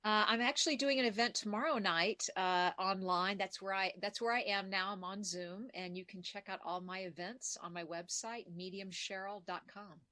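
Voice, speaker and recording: Casting: woman, mid pitch, bright tense tone, plain hesitant delivery. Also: fairly even intonation, moderate pace, hardly any pauses. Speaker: medium.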